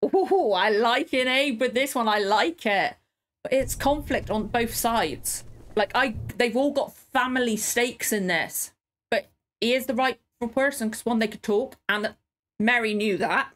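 A woman's voice: fairly high pitch, unhurried, fairly bright tone, soft background music. A woman reacting to a TV drama in casual commentary, emotional and swearing freely as she pleads with the characters. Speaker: TV show reactor.

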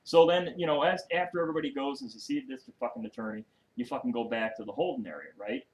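Man, podcast guest, casual storytelling, constant cursing, rambling asides, average pitch. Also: big pitch swings, fast talker, rough recording.

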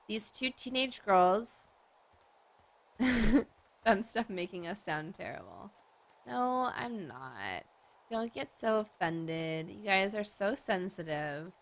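A young Australian woman hosting a let's play, chatting casually over her gameplay in an animated, joking way and swearing often. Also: mid-range voice.

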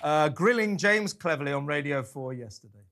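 A man hosting an opinionated talk show, mocking and animated, with many fillers. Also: on the high side, normal speed, creaky. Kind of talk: opinionated studio chat.

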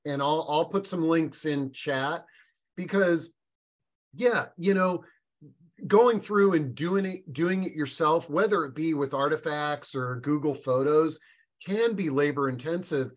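A man hosting a live online discussion, talking casually with frequent pauses and fillers. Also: fairly high pitch. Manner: relaxed, halting, many fillers. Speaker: webinar host.

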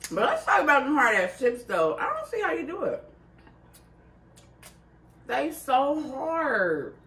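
A woman's voice: sits high, huge pitch swings, a little slow, a bit bright. A woman in her thirties chatting casually at a food video, laughing often and talking loose and salty. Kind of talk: casual mukbang chat. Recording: far from the mic with faint noise.

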